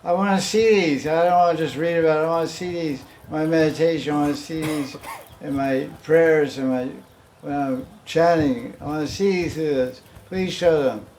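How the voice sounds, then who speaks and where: A man's voice: on the high side, moderate pace, a little mellow, a little hiss or hum. A man teaching a devotional class in a loose, conversational way, often chuckling and acting out the pleas he quotes. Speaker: spiritual teacher.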